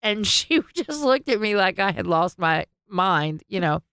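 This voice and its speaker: A woman's voice: medium pitch, big pitch swings, a little slow, a bit bright, smooth, dry recording, clean studio sound. A woman co-hosting a podcast, telling rambling stories, laughing often and swearing freely. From American South. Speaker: podcast co-host. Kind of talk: casual chat.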